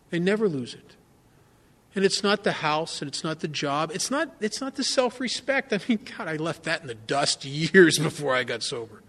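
A man's voice: fairly high pitch, fairly bright tone. A man giving a candid, self-mocking personal testimony at a recovery meeting, often turning to the listeners with asides.

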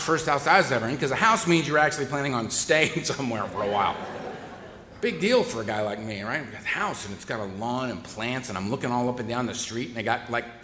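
Mid-range in pitch with a sharp tone, a man chats to an audience about his own recovery, poking wry fun at himself. Slight background noise is present, and the space has an echoey hall reverb.

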